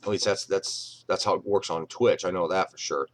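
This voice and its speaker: A man's voice: sits low, steady tone, normal speed. A middle-aged man chatting casually on his live stream at home, rambling and swearing freely. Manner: rambling, swears freely, acts out quoted voices.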